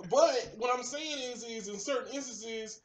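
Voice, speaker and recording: A man's voice: very high voice, moderate pace, roomy sound. A man in casual chat who talks insistently and repeats himself to get a word in.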